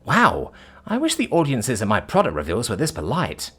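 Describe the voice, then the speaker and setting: A man's voice: mid-range voice, wildly swooping pitch, normal speed, fairly bright tone, slightly rough, soft background music, exaggerated voice. Valerie, a man voicing a brash mocking ex-CEO woman. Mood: smug lecturing. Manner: sarcastic, theatrical, gleeful. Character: brash witty female ex-CEO, mocking captors. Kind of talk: audiobook character voice.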